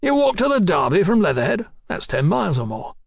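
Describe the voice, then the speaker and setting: A hearty, enthusiastic engineer, voiced by a male narrator in a lifted, lively register. A gravelly texture sits under his speech, and the sound is dry and close. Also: high voice, fairly quick, dry recording, pitched above the performer's own voice, exaggerated voice. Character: cheerful, practical male engineer.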